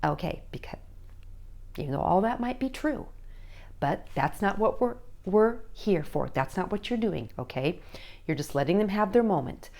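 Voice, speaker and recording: A woman's voice: mid-range voice, expressive, moderate pace, darkish tone. Woman coaching parents to camera, keeps asking "okay?", acts out little quotes. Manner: coaching, checks in with repeated "okay?". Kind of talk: direct-to-camera advice talk.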